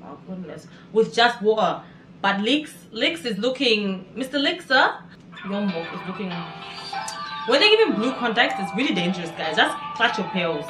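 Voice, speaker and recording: A woman hosting a casual music video reaction, chatty and excitable, exclaiming often. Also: mid-range voice, normal speed. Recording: echoey room with music behind.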